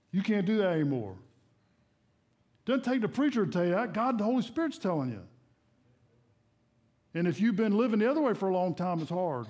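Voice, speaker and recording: Older guy preaching in church, chatty and folksy, voice a bit high. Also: darkish tone. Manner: folksy, conversational preaching with shifting volume and pace. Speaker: pastor. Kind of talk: sermon.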